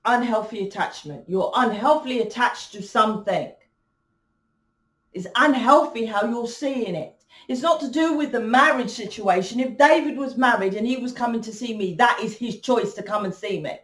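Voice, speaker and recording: A woman's voice: fairly high pitch, normal speed, echoey room, far from the mic. A woman giving a spiritual reading to her viewers, blunt and emphatic, swearing freely. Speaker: spiritual reader. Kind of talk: casual monologue to viewers.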